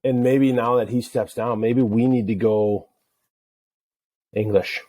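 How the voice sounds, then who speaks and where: A middle-aged man from Wisconsin co-hosting a sports parenting podcast, telling stories in a joking, animated way. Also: mid-range voice, takes it slowly. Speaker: podcast co-host. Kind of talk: casual chat.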